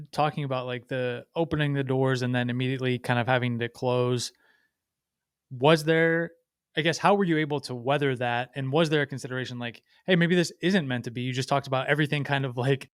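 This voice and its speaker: Host: man, smooth clear tone, dry close sound, rambling questions. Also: medium pitch, steady tone, fairly quick, no room sound. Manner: long, winding questions with restarts. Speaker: podcast host. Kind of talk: conversational podcast interview.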